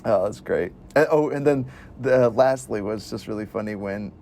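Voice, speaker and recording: A man co-hosting a casual podcast chat about films, enthusiastic and quick to laugh as he relives favorite scenes. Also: on the low side, darkish tone, slight background noise. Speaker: podcast co-host reviewing films.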